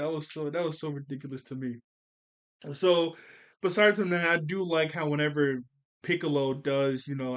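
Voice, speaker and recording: A man giving a casual anime review, excitable and rambling, with frequent restarts and laughs. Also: fairly high pitch. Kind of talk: casual commentary.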